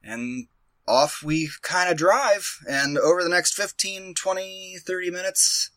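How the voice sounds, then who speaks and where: A man's voice: high voice, fairly even intonation, measured pace, a bit bright, no echo. A man telling a rambling, profane, self-mocking story in a casual chat.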